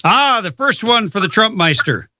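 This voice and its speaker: Male radio host, emphatic and forceful, bright voice recorded dry. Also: high-pitched, very animated, normal speed, no room sound. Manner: emphatic, repeats words for stress. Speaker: radio talk show host. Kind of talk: political talk radio.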